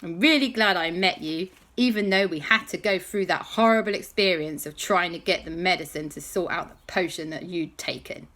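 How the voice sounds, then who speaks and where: A man's voice: high voice, normal speed, few pauses, sharp tone. A woman voicing a kindly man who earnestly thanks his friends in a bedtime story. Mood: grateful.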